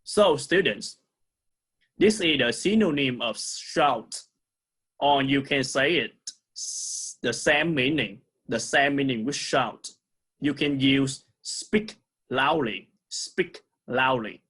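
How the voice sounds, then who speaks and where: A man with a Vietnamese accent teaching an English lesson to young pupils, saying words slowly and repeating them for the class. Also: medium pitch, animated, a bit bright, breathy edge. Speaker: primary school English teacher. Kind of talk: recorded online lesson.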